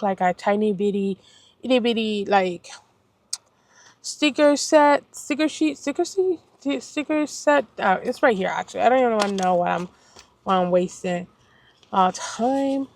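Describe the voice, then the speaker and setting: A woman's voice: medium pitch, no room sound. Chatty young woman from Puerto Rico. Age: young adult. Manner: chatty, rambling, self-correcting and apologetic. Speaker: planner vlogger. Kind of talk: casual chat.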